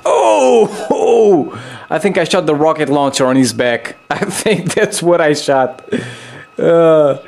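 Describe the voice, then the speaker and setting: Speaking slowly, this young gamer commentates in a loose, hyped-up way, cursing without restraint and letting out high-pitched yelps.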